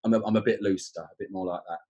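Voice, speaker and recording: Guesting on a casual podcast, a London-accented exam teacher from southern England talks about teaching exams, packing his speech with fillers and restarts. His lowish, warm voice moves very fast and steady, though the audio sounds dull.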